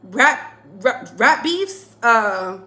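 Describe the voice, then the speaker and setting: A woman's voice: on the high side, very animated, drawn-out words, sharp tone. A young adult woman hosting a casual music chat, playful and laughing often. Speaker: host.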